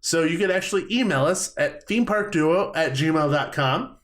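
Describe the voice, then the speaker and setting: A young man co-hosting a casual podcast, chatty and quick to laugh, often stumbling over his words. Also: a little high, lively intonation, a bit bright. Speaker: podcast co-host.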